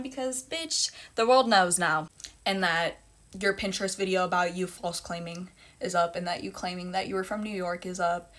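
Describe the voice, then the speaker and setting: A woman's voice: mid-range voice, a bit bright. A young woman telling a personal story in a casual storytime monologue, blunt and emphatic, with heavy swearing and repeated phrases.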